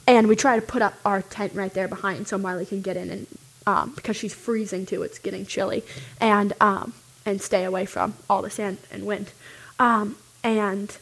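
Young woman, casual storytelling, animated, filler-heavy, mid pitch. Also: low-quality recording.

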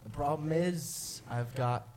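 A man co-hosting a late-night radio show, playful and deadpan. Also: a little high, slow pace, crowd noise.

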